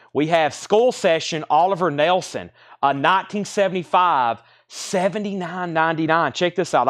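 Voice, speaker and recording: A man hosting a live record sale, rattling off titles and prices in brisk auctioneer patter, a bit out of breath. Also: a little high, fairly bright tone.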